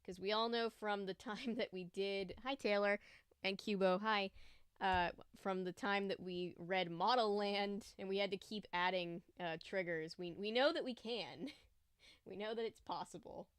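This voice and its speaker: A woman's voice: medium pitch, unhurried, smooth, no room sound, studio quality. A young woman hosting a casual livestream, chatting and greeting viewers by name. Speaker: livestream host.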